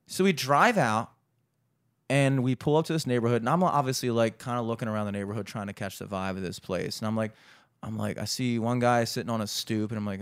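A man casually telling a long story, animated and profane, acting out the voices of the people in it. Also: mid-range voice, brisk, clear, resonant tone, no echo, clean studio sound.

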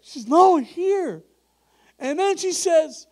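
A man preaching in an animated way, his voice sitting high for a man. He acts out the people in his story and breaks into laughs as he goes. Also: takes it slowly. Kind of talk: sermon storytelling.

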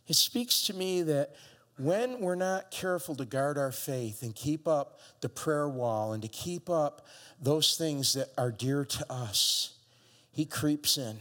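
A man preaching a sermon, acting out biblical voices and building up to shouts with playful asides. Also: a little high. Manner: acts out voices of biblical figures. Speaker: pastor. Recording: long hall reverb.

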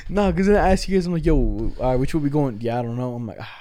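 A man's voice: medium pitch, lively intonation, fast, dark tone, no echo. A young man telling rambling, profane stories in casual chat with friends. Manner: slangy, profane, laughing storyteller. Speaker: storyteller among friends.

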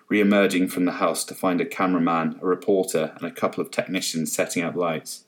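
A man's voice: deep voice, moderate pace. A man narrating a comic story aloud with expression. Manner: expressive, reads with many voices. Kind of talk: storybook reading.

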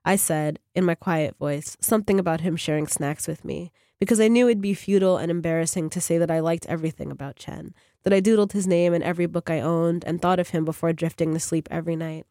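A fiction writer, a woman with a lowish voice, reads her own short story on a radio program in a measured, even way. The recording is dry and studio quality.

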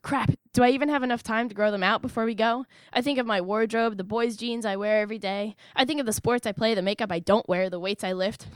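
A woman's voice: on the high side, steady tone, quick pace, hardly any pauses, smooth, no room sound, studio quality. A young American woman reading a first-person personal essay aloud, wry and emphatic, with sudden rises in her voice. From United States. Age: young adult. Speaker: narrator.

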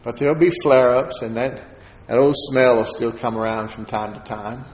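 A man's voice: medium pitch, moderate pace. Man telling a testimony in an echoey hall. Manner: animated storyteller, acts out quoted voices with laughter. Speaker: preacher giving testimony. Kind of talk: sermon testimony storytelling. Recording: echoey hall with faint ambience.

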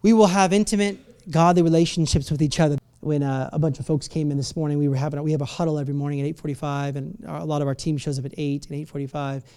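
A pastor preaching a sermon in a church, swinging between quiet reflection and loud, emphatic bursts, often restarting words and adding playful asides. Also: mid-range voice, steady tone, quick pace, few pauses, clean tone. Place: church service.

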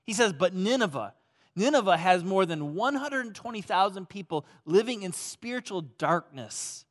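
A man preaching a sermon as pastor, swinging between loud emphasis and hushed, soft passages. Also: high-pitched, expressive, normal speed. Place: church auditorium.

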